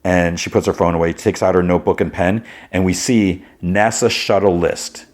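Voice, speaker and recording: A man's voice: low voice, level tone, normal speed, a little mellow. A man hosting a podcast, recapping a TV episode in a chatty way, full of "like" and "you know.". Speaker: podcast host.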